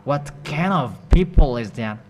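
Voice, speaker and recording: A man preaching a sermon in a halting, repetitive, scolding way. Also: medium pitch, animated, darkish tone.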